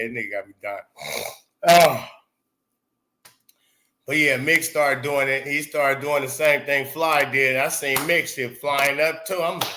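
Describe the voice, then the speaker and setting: Streamer host, man, bright mid-pitched voice, loose swearing chat, laughs easily. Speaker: livestream host. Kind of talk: casual livestream chat.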